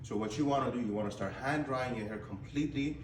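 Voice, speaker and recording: A male hair stylist explains in a salon how to blow-dry hair, speaking at a middle pitch and repeating his points as he goes. The room sounds echoey, and there is faint ambience behind him. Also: quick pace, background noise. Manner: instructive, repeats words often. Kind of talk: casual how-to demonstration.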